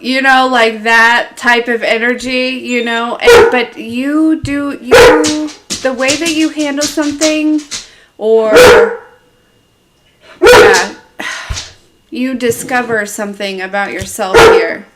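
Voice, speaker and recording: A woman's voice: on the high side, fairly even intonation, unhurried, very noisy. A woman giving a live tarot reading, rambling and hesitant with many fillers. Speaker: tarot reader. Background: dog in the room.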